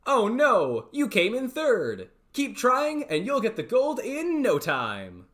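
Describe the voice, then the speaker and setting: A man's voice: very high voice, wildly swooping pitch, slow, voice pushed up, heavily acted. A man doing a cheery kids' game announcer. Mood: encouraging. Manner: bright, encouraging, sing-song delivery. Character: upbeat male announcer in a kids' racing game.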